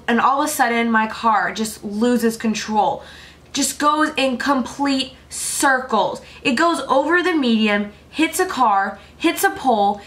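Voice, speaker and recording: A woman's voice: on the high side, a bit bright. A young woman in her late teens telling stories to camera in a chatty, filler-heavy way, filming at home at night. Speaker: vlogger. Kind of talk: casual storytelling to camera.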